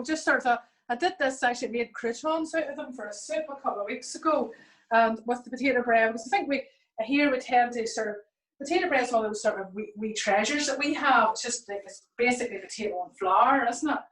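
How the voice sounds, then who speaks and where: Northern Irish woman chef, a touch high-pitched, chatty live demo host; echoey kitchen sound. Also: a little fast, fairly bright tone. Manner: chatty, lots of fillers and local words. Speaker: chef hosting a cooking demo. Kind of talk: live cooking demonstration. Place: home kitchen.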